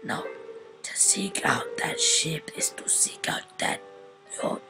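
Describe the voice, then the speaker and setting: Whispered role-play: woman as a fussy, grumbling old grandpa, breathy whisper. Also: takes it slowly, natural voice, poor audio. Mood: grave. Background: game music.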